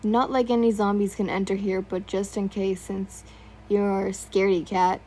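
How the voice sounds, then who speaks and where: A woman voicing a gruff, bossy young man who speaks curtly and firmly. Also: mid-range voice, flat delivery, normal speed, darkish tone, lightly acted.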